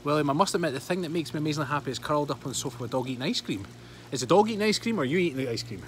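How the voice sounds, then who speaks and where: A Scottish man in his thirties hosts a livestream outdoors by a pool, chatting casually, laughing often, and reading out viewer comments. His voice is a little high with lively intonation and a rapid-fire pace, with slight background noise.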